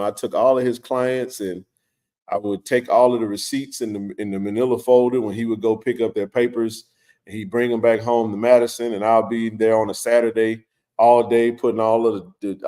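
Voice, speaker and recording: A man hosting a live stream, telling a personal story in a loose, animated way with lots of fillers and restarts. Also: on the low side. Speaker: livestream host. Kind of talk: casual storytelling to a live chat.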